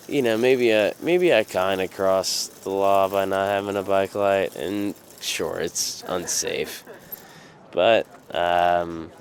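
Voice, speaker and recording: A man's voice: deep voice, gravelly, a little hiss or hum. A young man casually telling a personal anecdote, rambling with fillers and restarts and swearing freely. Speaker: storyteller.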